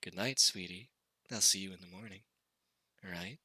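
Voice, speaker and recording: A man voicing a stern, preachy mother who speaks quietly and coldly while reading a game. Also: deep voice, moderate pace, dry recording, exaggerated voice.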